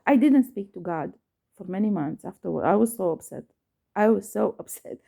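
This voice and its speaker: Gravelly, mellow-voiced woman telling her story. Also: mid-range voice, expressive, moderate pace. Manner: hesitant, many fillers and restarts, swears when upset; emphatic, repeats herself. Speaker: vlogger. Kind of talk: personal storytelling to camera.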